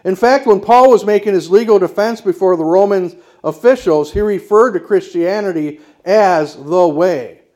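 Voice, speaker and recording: A man's voice: sits high, darkish tone. A man preaching a sermon as pastor, emphatic and declarative, putting rhetorical questions to the congregation.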